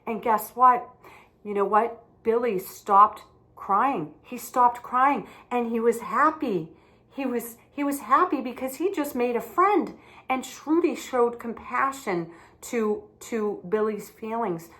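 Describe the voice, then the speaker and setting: A woman teaching young children, speaking gently, with simple, repeated words. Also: a little high, slow pace.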